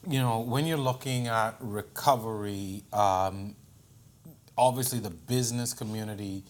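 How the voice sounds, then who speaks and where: A man's voice: fairly low pitch, measured pace. A man hosting an interview, asking conversational, probing questions. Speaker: show host.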